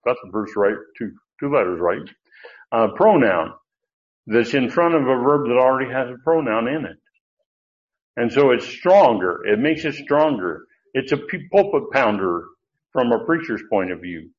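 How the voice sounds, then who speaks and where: A man's voice: medium pitch, lively intonation, moderate pace, lo-fi sound. An older man preaching an expository sermon in a folksy, digressive way, with many restarts and asides. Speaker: pastor.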